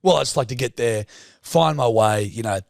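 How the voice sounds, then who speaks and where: A man's voice: mid-range voice, normal speed, gravelly, dry recording, clean studio sound. A young Australian man co-hosting a podcast, telling a story casually, swearing a lot and acting out the dialogue. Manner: swears freely, animated anecdote with quoted dialogue. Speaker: podcast co-host.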